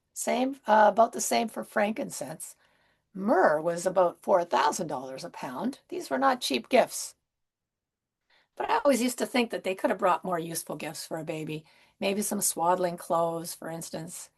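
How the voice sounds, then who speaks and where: A woman minister giving a Christmas sermon in a gentle, conversational way, with soft asides and rhetorical questions. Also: mid-range voice, vocal fry, slightly rough.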